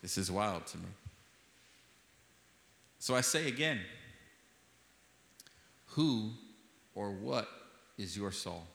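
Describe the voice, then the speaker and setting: A man's voice: fairly low pitch, lively intonation, takes it slowly, vocal fry, pauses often, fairly bright tone. A man preaching an impassioned sermon as pastor, repeating phrases for emphasis. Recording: echoey hall with long reverb.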